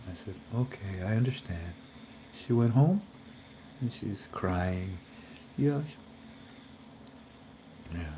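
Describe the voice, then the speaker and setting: A man's voice: fairly low pitch, dark tone, a little hiss or hum. A man hosting a casual, faith-based livestream in a folksy, rambling way, talking to his viewers as family. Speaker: host.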